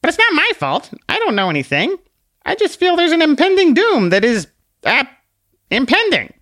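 A man voicing a tiny, anxious, nagging conscience with a squeaky manner. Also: wildly swooping pitch, moderate pace, sharp tone, no room sound, studio quality, exaggerated voice.

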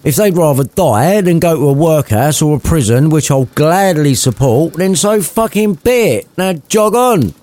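A man voicing a crude, sarcastic old miser who swears loudly. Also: a little high, expressive, normal speed, hardly any pauses, voice pushed up, lightly acted. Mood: aggressive. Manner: loud foul-mouthed rants.

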